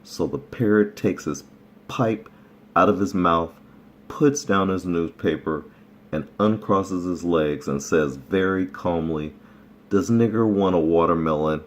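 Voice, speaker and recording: A man casually reading folk tales aloud, relaxed and chuckling at his own jokes. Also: low-pitched, slow. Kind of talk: casual read-aloud storytelling.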